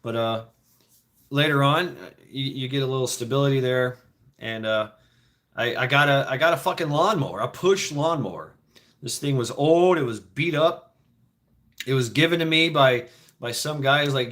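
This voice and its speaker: A man's voice: medium pitch, normal speed, a bit bright. Rambling, profane storytelling man. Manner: profane, rambling, frequent restarts and laughs. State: foot injured, limping.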